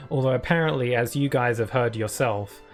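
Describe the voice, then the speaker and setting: A man's voice: medium pitch, normal speed, soft background music. British male game streamer with a mid-range voice and an easy, chatty, laugh-prone delivery. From United Kingdom. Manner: chatty, laughs often, reads chat and on-screen text aloud. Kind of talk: casual gameplay chat.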